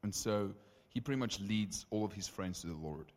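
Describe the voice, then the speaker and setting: A young man preaching a testimony sermon, telling stories with lively acted-out dialogue. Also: lowish voice, moderate pace, a little hiss or hum. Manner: animated, acts out dialogue in stories. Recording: long reverb of a hall.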